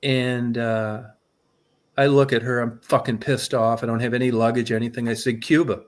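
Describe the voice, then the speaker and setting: A middle-aged man spins a long personal yarn in loose, casual talk, cursing freely and building energy as he goes. His voice sits at an ordinary middle pitch for a man. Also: moderate pace. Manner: profane, animated storyteller. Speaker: guest telling a story. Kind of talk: casual storytelling.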